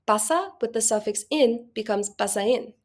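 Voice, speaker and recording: A young woman, a student presenter, reading a prepared class presentation at a steady pace. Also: fairly high pitch, normal speed. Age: young adult.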